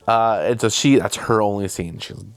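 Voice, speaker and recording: A man's voice: fairly low pitch, moderate pace, smooth, no echo. A young man hosting his own channel, telling a casual, rambling, self-deprecating story about making a film. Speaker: video host and filmmaker.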